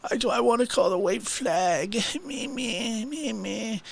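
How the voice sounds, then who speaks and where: A man putting on a high, whining voice to mock a petulant grown man. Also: a little slow, vocal fry, exaggerated voice. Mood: whiny. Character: whiny petulant grown man, mocked rival.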